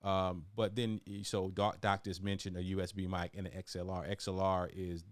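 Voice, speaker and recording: A man's voice: low-pitched, flat delivery, normal speed, no echo. A man hosting a casual video-call interview, chatty, often repeating and restarting his words. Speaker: host.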